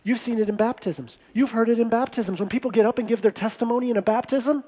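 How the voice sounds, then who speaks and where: A man's voice: very high voice, fast talker, few pauses, warm tone, slightly rough, big-room sound. A male pastor preaching a sermon to a church congregation, speaking in a repetitive, impassioned preaching cadence. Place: church sanctuary.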